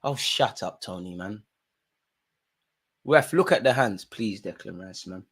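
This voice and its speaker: A young man, streaming a live football watchalong, shifting between nervous muttering and loud outbursts at the referee. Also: on the low side, measured pace, breathy edge. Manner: animated, swings from muttering to shouting at the ref. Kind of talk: live match reaction commentary.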